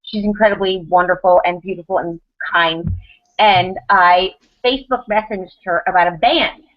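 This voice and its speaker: A woman in her thirties on a podcast panel, telling a personal story in quick, animated bursts with restarts and laughs. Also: fairly low pitch. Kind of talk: casual storytelling chat. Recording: dull lo-fi podcast audio.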